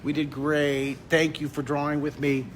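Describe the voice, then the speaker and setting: Upbeat male drawing teacher, live stream, jokey and easily thrilled, voice a bit high, low hum of a diner around him. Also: normal speed. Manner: excitable, jokey, bursts into loud delighted exclamations. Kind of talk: lively live-stream chat with fans. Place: a restaurant.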